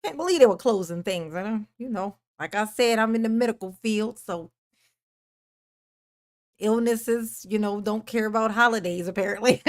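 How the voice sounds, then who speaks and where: A woman's voice: medium pitch, normal speed. A woman hosting a casual livestream, greeting her viewers one by one with pet names, calling herself Mama, and laughing often. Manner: calls herself Mama in the third person. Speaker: livestream host. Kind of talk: casual live-stream chat greeting viewers.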